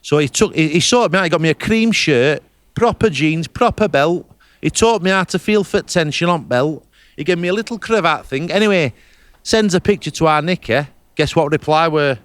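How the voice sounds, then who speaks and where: Over a remote call, a podcast host abroad delivers a comic character monologue in a fairly high, animated voice at a moderate pace, a bit bright with no room sound. His travel stories are broad, blunt, and boastful, peppered with swearing.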